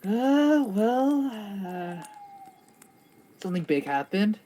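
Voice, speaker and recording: A man's voice: high-pitched, very animated, takes it slowly, warm tone, a little hiss or hum. A man playing a tabletop game, speaking in character and out, hesitant and full of fillers. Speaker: player. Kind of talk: casual tabletop play.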